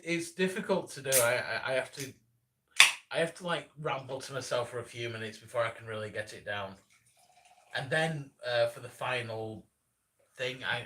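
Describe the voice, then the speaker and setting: A man in his thirties chats on a live stream in a rambling, self-deprecating way, often starting his sentences over. His tone is bright and forceful. He sits some way back from the mic, so the sound is distant. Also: fairly low pitch. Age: 30s. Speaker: animator and streamer. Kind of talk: casual live-stream chat.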